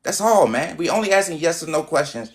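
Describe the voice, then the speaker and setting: A man's voice: a little high, expressive, a little fast. A man hosting a casual livestream chat with callers. He is insistent, repeats himself and keeps cutting in. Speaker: livestream host.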